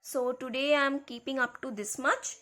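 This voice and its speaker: A woman teaching a grammar lesson to schoolchildren, speaking slowly and repeating key words. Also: sits high, steady tone, a bit bright. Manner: slow, repeats key words, addresses kids.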